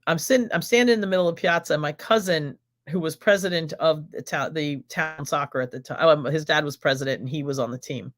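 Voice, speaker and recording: A woman's voice: low-pitched, fast talker, few pauses. Exuberant American woman chatting live. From United States. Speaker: host of a live stream. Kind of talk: casual live-stream Q&A.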